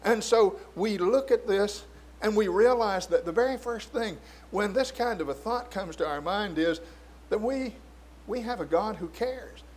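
A man with a high-pitched voice delivers a sermon to his congregation, firing off question after question. He slips in playful mock asides. A faint hum sits under the recording. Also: unhurried, darkish tone. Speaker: pastor.

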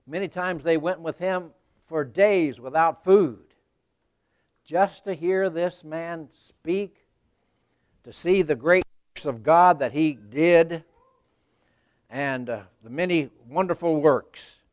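A male preacher giving a sermon in a folksy storytelling way, talking right to the congregation and rising to loud emphasis. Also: on the high side, takes it slowly, long pauses, dry recording.

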